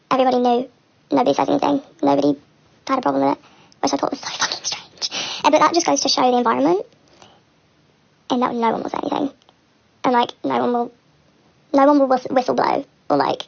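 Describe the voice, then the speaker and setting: A woman's voice: high voice, creaky, muffled recording. A young woman telling a personal story on a casual livestream, rambling and candid, with nervous laughter.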